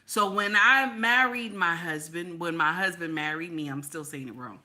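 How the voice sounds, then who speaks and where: A woman hosting casual reaction commentary, animated and brash with preachy asides. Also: lowish voice, moderate pace. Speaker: commentary host.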